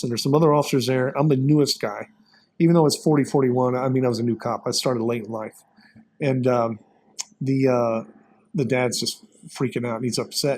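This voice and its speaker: Male pastor and ex-cop, 50s, earnest storyteller, halting and emotional. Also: medium pitch, darkish tone, rough recording. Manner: earnest, self-described crier, halting with many fillers. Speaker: pastor and former police officer.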